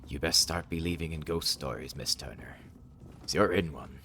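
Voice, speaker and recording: Gruff, menacing pirate, a man doing the voice, drawling, rumbling low. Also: normal speed, sharp tone, slight background noise, full character voice.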